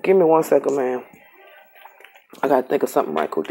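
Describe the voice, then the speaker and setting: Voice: mid-range voice, sing-song, a little fast, dark tone, husky. A tarot reader giving a casual reading straight to the camera, emphatic and repetitive.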